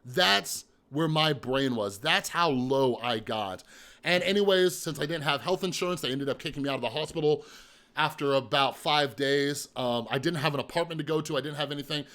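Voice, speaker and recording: A man's voice: a little high, normal speed, fairly bright tone. Blunt, profane man telling his story. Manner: blunt, profane, emphatic, rhetorical asides. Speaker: mental health vlogger. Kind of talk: candid personal storytelling.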